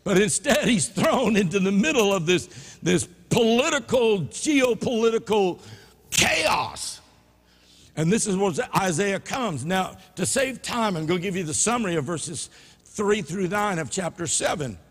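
A pastor with a Louisiana Southern accent preaching a sermon in a church sanctuary, swinging from low murmurs to loud emphatic peaks. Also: male voice, expressive, moderate pace. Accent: Louisiana Southern American. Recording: reverberant church hall.

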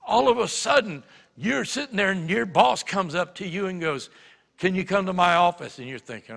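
Gravelly-voiced male pastor preaching. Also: sits high, expressive, moderate pace, big-room sound. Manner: storytelling, shifts between quiet and emphatic. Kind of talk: sermon. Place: church sanctuary.

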